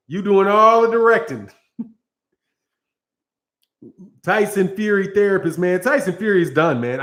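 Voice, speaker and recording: A man with a high voice rants about boxing in a loose, casual way. He rambles and repeats himself, and his sarcasm keeps breaking into laughter. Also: fairly bright tone. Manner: sarcastic, mocking. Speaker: boxing channel host.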